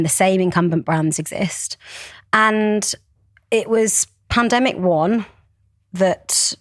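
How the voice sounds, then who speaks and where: A woman's voice: fairly low pitch, no room sound, clean studio sound. A woman, a brand founder speaking passionately and articulately as a podcast guest. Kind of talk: podcast interview.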